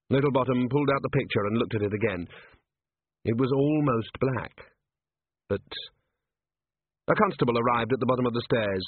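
Husky male narrator, tinny sound. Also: mid-range voice, normal speed, long pauses, dry recording. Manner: lively, expressive reading. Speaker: audiobook narrator. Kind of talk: scripted narration. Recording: tinny dry phone-like sound.

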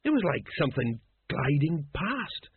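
A man voicing a grumbling, blustery middle-aged watch sergeant in a husky, raised voice. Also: a little high, sing-song, a little slow, no room sound, heavily acted. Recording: dry, narrow phone-like sound.

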